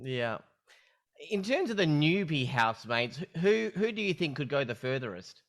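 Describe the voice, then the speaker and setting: A man's voice: a little high, very animated, moderate pace. A man hosting an interview who stumbles and repeats words as he asks his questions. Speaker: interview host.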